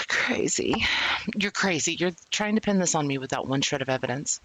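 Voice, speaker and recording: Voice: medium pitch, lively intonation, normal speed, sharp tone, dry recording, low-quality recording. A streamer voicing a grieving young woman in a video game, pleading and indignant.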